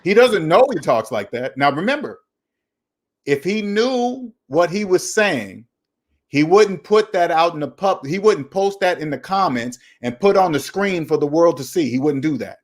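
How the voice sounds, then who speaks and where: A man's voice: on the high side, animated, normal speed. A man hosting a casual finance talk, lecturing emphatically and repeating his points. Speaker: finance channel host.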